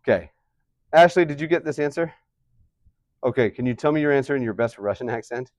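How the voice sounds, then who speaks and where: A man's voice: mid-range voice, lively intonation, brisk, no echo. Male teacher, mid voice, dry room, chatty and questioning. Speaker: math teacher. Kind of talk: classroom lesson. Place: classroom.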